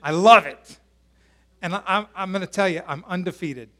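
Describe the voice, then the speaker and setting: A man's voice: high-pitched, normal speed, bright, forceful tone. A male pastor preaching a sermon at a church service in a conversational way, asking the congregation questions.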